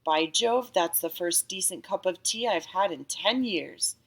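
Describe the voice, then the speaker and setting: A woman voicing a gruff Englishman who lives rough in the wilderness and speaks curtly. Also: lowish voice, unhurried, fairly bright tone. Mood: astonished. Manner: curt and surly.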